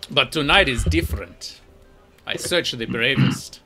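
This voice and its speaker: A man's voice: mid-range voice, animated, a little slow, sharp tone, soft background music. A man putting on a somber stranger with a thick accent. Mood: earnest. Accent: thick foreign accent, put on. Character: somber middle-aged male stranger seeking help.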